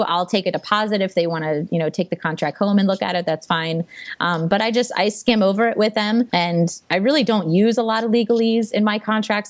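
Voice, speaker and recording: A woman's voice: on the low side, no echo. A woman, a wedding photographer, answering interview questions in a chatty way, full of fillers and restarts. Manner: chatty, frequent fillers and restarts, laughs easily. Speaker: wedding and portrait photographer, guest.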